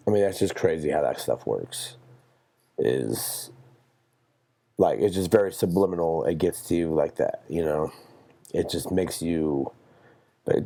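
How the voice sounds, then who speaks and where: A man's voice: deep voice, slow, vocal fry, pauses often, mellow. A young man hosting a solo podcast, rambling and swearing through a jokey, meandering monologue. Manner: profane, meandering, jokey storytelling. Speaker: podcast host.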